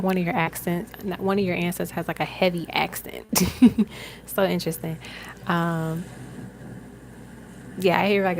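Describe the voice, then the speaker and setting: Young woman doing a live tarot reading, kinda low voice, lots of vocal fry, super casual with lots of likes and ums. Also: a little hiss or hum, low-quality recording. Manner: casual, chatty, many fillers and laughs. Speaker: tarot reader.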